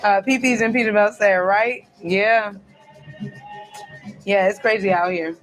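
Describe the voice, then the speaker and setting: A woman's voice: mid-range voice, fairly even intonation, a little slow, soft background music. Chatty woman hosting a live stream. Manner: chatty, talks straight to viewers, loose storytelling. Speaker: live-stream host reading viewer comments. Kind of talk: casual live chat. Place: cruise ship cabin.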